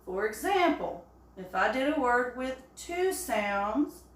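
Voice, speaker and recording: A woman teaching an early-grade phonics lesson, speaking slowly and encouragingly. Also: fairly high pitch, sing-song. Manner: slow, encouraging, with drawn-out examples. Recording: echoey room.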